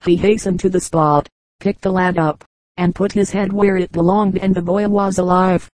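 Calm, even-voiced woman reading folk tales. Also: on the low side, moderate pace, no echo, low-quality recording. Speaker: audiobook reader. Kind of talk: scripted narration of folk tales.

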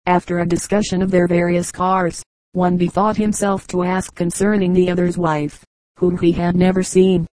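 A woman reading a collection of short jokes aloud as a steady, unhurried audiobook narration. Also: on the low side, poor audio. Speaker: audiobook reader.

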